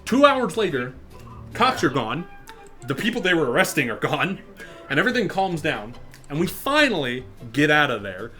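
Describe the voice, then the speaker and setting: A young man casually telling a funny personal story, acting out the people in it with a louder raised voice, over faint background music. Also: sits high. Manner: animated, acts out quotes in louder raised voice. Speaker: storyteller and channel host. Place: online virtual social space.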